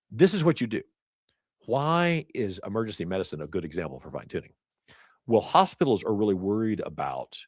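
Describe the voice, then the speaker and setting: Low-voiced man teaching a class. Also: no echo, clean studio sound. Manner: chatty, storytelling asides with laughs. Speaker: instructor. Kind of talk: casual lecture. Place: classroom or event hall.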